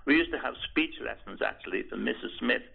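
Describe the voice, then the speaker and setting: Elderly male interviewee, deep gravel in the voice, halting and repetitive reminiscence over a tinny phone-like line. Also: animated. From Liverpool, England. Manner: hesitant, restarts and repeats words, chuckles softly. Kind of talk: oral history reminiscence.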